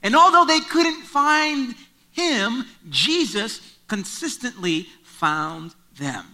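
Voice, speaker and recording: A man's voice: very high-pitched, very animated, slow, pushed and bright. A man preaching a sermon, retelling a story in a conversational way and driving points home through repetition. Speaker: pastor.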